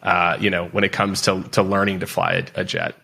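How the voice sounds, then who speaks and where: A man's voice: low-pitched, big pitch swings, a little fast, creaky, sharp tone, breathy edge. A man hosting a podcast, asking loose, rambling questions full of fillers. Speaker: podcast host. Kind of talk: casual interview questions.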